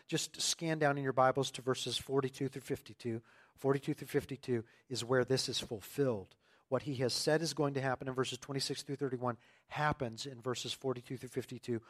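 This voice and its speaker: A man preaching a sermon, emphatic and earnest, swinging from loud declarations to quiet asides and often repeating phrases. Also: mid-range voice. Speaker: pastor.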